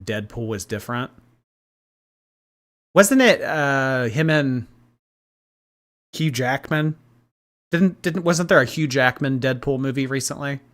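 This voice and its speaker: A man's voice: mid-range voice, animated, takes it slowly, long pauses, a bit bright. A man hosting a casual livestream, reading and answering viewer chat in a gossipy way and laughing often.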